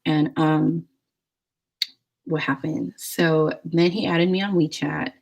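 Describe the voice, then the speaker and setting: A woman's voice: sits low, steady tone, slow pace, vocal fry, a little mellow, low-quality recording. A young woman vlogger telling a dating story in a chatty, rambling way, full of "like". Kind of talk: casual storytelling.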